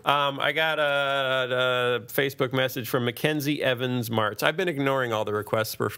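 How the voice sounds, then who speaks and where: A man's voice: mid-range voice, steady tone, bright, forceful tone, clean tone. A man hosting a podcast, chatting in a playful, joking way. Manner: playful, jokey, quick to riff. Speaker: podcast host. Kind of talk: casual chat.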